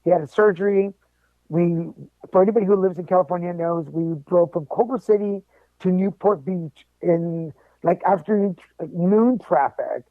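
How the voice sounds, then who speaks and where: A man telling a personal story as a podcast guest, animated and joking along the way. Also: high-pitched, moderate pace, no room sound. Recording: tinny phone-like line, dry.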